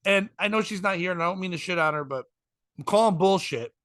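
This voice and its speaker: A man's voice: high-pitched, fast, fairly bright tone, dry recording, clean studio sound. A man, a stand-up comic hosting a podcast, rambling through a story with profanity and acted-out quotes. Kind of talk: casual storytelling chat.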